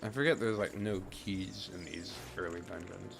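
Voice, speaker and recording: A man's voice: low-pitched, steady tone, moderate pace, gravelly. A man streaming a game, chatting casually and thinking aloud as he plays. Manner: rambling, thinking aloud with fillers. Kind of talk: casual commentary while playing a game. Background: game music.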